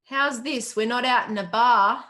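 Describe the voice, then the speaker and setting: An upbeat middle-aged Australian woman hosting a live question-and-answer stream, chatting freely and greeting viewers by name. She talks like a business coach, warm with encouragement and quick to laugh. The sound is that of a laptop mic on a video call. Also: on the high side. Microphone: webcam or laptop mic on a video call.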